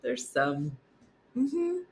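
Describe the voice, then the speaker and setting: A woman comedian chatting casually to viewers, retelling funny videos with lively put-on voices. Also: extremely slow, a little hiss or hum. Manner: animated, acts out funny videos in high squeaky voices. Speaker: comedian hosting a live morning stream. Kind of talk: casual chat reading comments.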